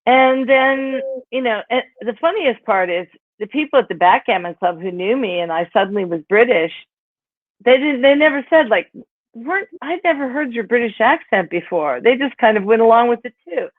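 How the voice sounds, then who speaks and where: A woman's voice: a little high, normal speed, dry recording. A woman in her sixties from Pennsylvania, an author telling stories about her life in a rambling, casual way, full of "you know" and "like". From Pennsylvania, USA. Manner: rambling, filler-heavy, with frequent "you know" and "like". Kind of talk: casual conversational storytelling. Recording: tinny phone-like call audio.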